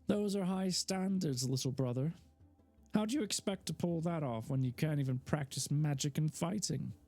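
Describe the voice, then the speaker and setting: Exasperated big sister, high and pushy, voiced by a male narrator. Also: expressive, normal speed, dark tone, faint music behind. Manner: scolding, exasperated. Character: young teen girl, bossy protective older sister.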